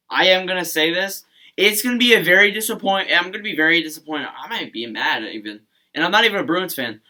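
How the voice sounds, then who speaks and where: A young man talks through a hockey matchup in a loose, casual vlog, often stopping mid-sentence to restart. His voice sits a little high and sounds bright and forward. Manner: rambling, frequent restarts and self-corrections. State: hiccuping. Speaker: hockey channel host. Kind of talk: casual sports vlog commentary.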